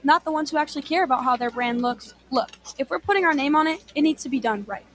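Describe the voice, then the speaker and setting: A woman's voice: sits high, quick pace, a little hiss or hum. A woman acting in a scripted radio ad dialogue, confident and persuasive. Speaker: ad voice actor.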